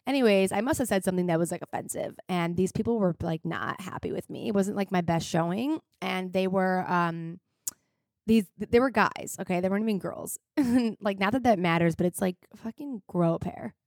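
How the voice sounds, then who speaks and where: A young woman hosting a podcast tells a personal story in a casual confessional monologue, rambling and heavy on fillers, emotional and sometimes tearful. Her medium-pitched voice is a little fast and darkish, in a dry, clean studio recording.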